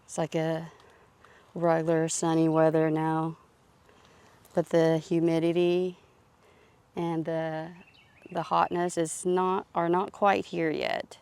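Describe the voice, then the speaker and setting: A woman's voice: deep voice, completely flat delivery, takes it slowly, long pauses, a little mellow, smooth. A woman giving a casual, chatty tour of her outdoor garden, thinking aloud as she films on a phone. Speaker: gardening vlogger.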